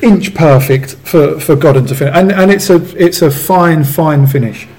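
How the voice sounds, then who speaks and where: A man's voice: fairly high pitch, moderate pace, darkish tone. A man co-hosting a football podcast, talking enthusiastically and rambling with restarts. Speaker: podcast co-host. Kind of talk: casual football chat.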